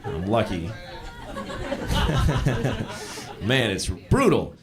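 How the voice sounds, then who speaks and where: A man's voice: on the high side, big pitch swings, normal speed, a crowd in the background. A man doing a crude, self-deprecating stand-up routine in a conversational tone. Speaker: stand-up comedian. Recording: live stand-up with audience laughter. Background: audience laughing.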